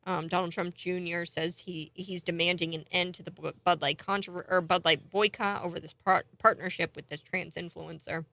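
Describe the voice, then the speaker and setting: A woman's voice: fairly low pitch, fairly even intonation, normal speed, creaky, few pauses, no echo. A woman hosting a morning talk show, giving chatty, indignant political commentary. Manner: chatty and indignant, thinks out loud.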